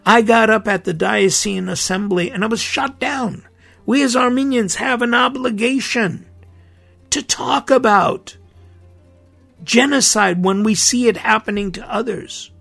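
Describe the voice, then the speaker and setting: Gravelly, husky-voiced priest, impassioned. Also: male voice, sits high, a little slow, fairly bright tone, soft background music. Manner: earnest and indignant, emphatic. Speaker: priest and podcast host. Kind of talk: impassioned podcast monologue.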